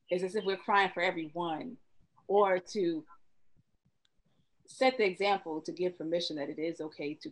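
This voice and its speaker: A woman's voice: on the low side, low-quality recording. A woman therapist speaking earnestly in a panel discussion, choked up and emotional.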